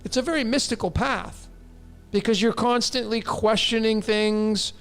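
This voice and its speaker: A man with a high, gravelly voice speaks to his listeners in a blunt, insistent way and presses every point home. He answers viewer questions about numerology in a long monologue. Faint music plays behind him. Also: steady tone, a little slow, fairly bright tone. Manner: blunt, emphatic, addresses listeners directly.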